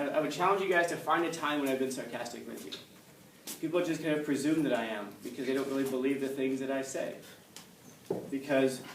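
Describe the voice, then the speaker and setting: A male teacher lecturing his class, blunt and direct, firing rhetorical questions at his students. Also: mid-range voice. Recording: echoey classroom from far off, faint room hum.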